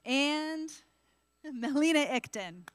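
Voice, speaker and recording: A woman's voice: high voice, animated, slow pace, slight background noise. A woman teacher hosting a school poetry contest and announcing to the audience with occasional fillers. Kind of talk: announcing at a live event. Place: school auditorium.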